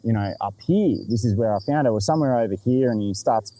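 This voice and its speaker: A young Australian man hosting a podcast, telling a story in a lively, sweary, laughing way. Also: mid-range voice, fast talker, a little hiss or hum, low-quality recording. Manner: animated, swears freely, laughs often. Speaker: podcast host. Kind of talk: casual storytelling chat.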